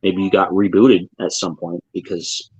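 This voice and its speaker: A man's voice: deep voice, level tone, moderate pace, darkish tone, husky, no room sound, poor audio. A man co-hosting a podcast in casual chat, rambling with lots of filler words. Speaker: podcast co-host.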